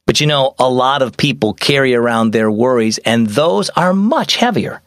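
A young adult man hosting a children's devotional show, reading a scripted story with animated storytelling. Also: mid-range voice, moderate pace, dry recording, clean studio sound.

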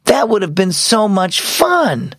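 A man voicing an earnest young girl in a children's storybook reading, pitching his voice up. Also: big pitch swings, a little slow, creaky, fairly bright tone, breathy edge, no echo, clean studio sound, heavily acted.

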